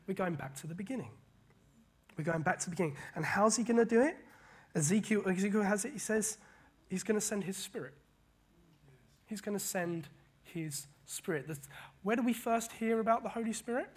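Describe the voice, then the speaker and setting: Husky animated male preacher. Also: sits high. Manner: animated, repeats words, quotes scripture in paraphrase. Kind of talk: casual sermon.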